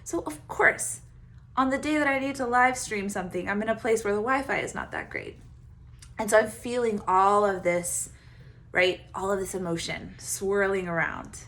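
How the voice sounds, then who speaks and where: A woman coach giving casual self-help advice, animated and quick to laugh as she acts out her own inner voice. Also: medium pitch. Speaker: Enneagram coach, podcast host.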